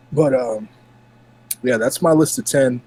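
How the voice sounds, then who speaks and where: A man co-hosting a casual gaming podcast, talking in a relaxed, chatty way while bothered by hiccups. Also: mid-range voice, slow, breathy edge, rough recording. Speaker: podcast co-host.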